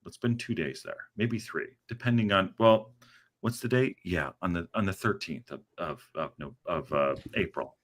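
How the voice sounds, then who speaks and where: Sheepish husband, a man voicing him in a hushed, lower voice, hesitant and sweet-talking. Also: normal speed. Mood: coaxing. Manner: soft, hesitant, stumbling over words.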